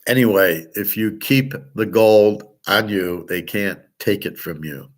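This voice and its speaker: A man's voice: lowish voice, measured pace. An older man hosting his own show in a rambling casual monologue, blunt and profane, firing off rhetorical questions. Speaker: sports betting and gold commentary host.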